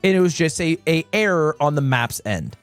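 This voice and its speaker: Young man, streamer, storytelling, lively pitch, slightly high voice, dry close sound. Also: moderate pace, clean tone, no echo, soft background music. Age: 20s. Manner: animated, jumps from low mutters to high exclamations. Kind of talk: casual storytelling.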